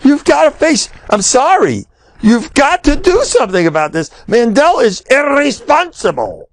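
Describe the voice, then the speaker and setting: A man acting out an indignant, self-important male community activist who scolds in raised, high-pitched outrage. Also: huge pitch swings, unhurried, vocal fry, slightly rough, no echo, exaggerated voice.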